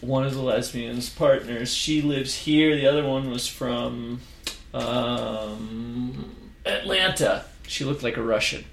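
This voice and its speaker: A man slowly telling a rambling bar story on a casual podcast, his voice gravelly with fry. The room is echoey, and he fills gaps with ums and uhs. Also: mid-range voice, a little hiss or hum. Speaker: podcast co-host.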